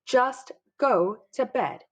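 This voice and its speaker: A woman reads out an exasperated father at the end of his rope. He scolds in firm, weary bursts with a husky edge. Storybook reading. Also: on the high side, lively intonation, extremely slow, pitched above the performer's own voice, heavily acted. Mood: weary stern. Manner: scolding, fed-up. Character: exasperated, stern young father.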